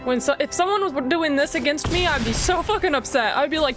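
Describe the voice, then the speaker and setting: A woman streaming a card game, chatting casually, excitable and swearing freely as she thinks aloud. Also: high voice, a little fast, few pauses, music in the background. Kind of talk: casual gameplay chat.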